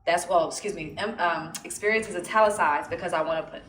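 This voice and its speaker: A woman's voice: on the low side, fast talker, fairly bright tone, reverberant, poor audio. A woman hosting a casual podcast chat, earnestly explaining her ideas with everyday examples. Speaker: podcast host.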